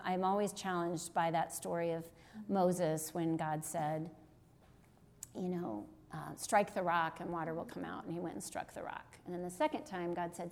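A middle-aged woman giving an earnest, conversational sermon-style teaching, often checking in with her listeners. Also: mid-range voice. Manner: earnest, conversational, with frequent rhetorical "right?". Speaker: teacher on deliverance ministry.

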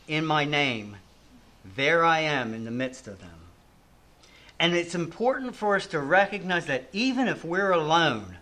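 A man's voice: fairly high pitch, a bit bright. An older man preaching a sermon in an earnest, reflective way, often restarting and letting his line endings fall.

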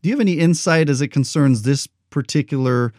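A man hosting a podcast interview, thoughtful and a bit rambling, with soft laughs. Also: a little high, a little fast, dry recording, clean studio sound. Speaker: podcast host.

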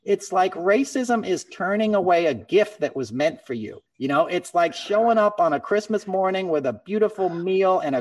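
Podcast host, male, earnest and impassioned, mic a little distant. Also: fairly high pitch. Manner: earnest and impassioned, calls his co-host man and brother. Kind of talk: casual podcast chat.

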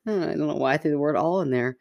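A woman's voice: low voice, rapid-fire, creaky, darkish tone, highs cut off, a little hiss or hum. A woman co-hosting a casual podcast chat, laughing often and making fun of herself. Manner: self-deprecating, laughs often. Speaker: podcast co-host.

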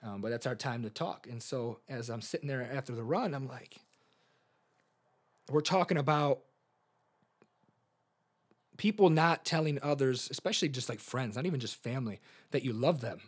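Earnest man with a husky voice. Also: mid-range voice, normal speed, pauses often. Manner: earnest, open about feelings, storytelling with fillers. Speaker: podcast host. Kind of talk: personal reflective monologue.

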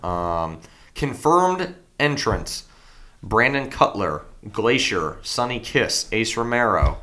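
A man's voice: lowish voice, big pitch swings, sharp tone. A man casually reading out a match list to friends, hesitant and unsure of the names. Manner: reads names haltingly, unsure, laid-back. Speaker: podcast co-host reading out the card. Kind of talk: casual chat among friends.

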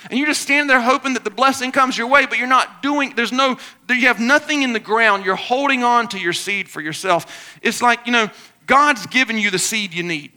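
High, bright-voiced energetic male preacher. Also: moderate pace. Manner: energetic preaching with sudden shouts and soft asides. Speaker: pastor. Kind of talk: sermon.

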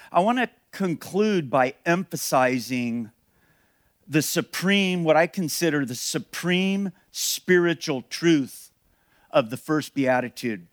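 An earnest male pastor preaches with emphasis, repeating phrases for weight. His voice sits a little high for a man. The sound is dry and close. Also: dry recording. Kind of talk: sermon.

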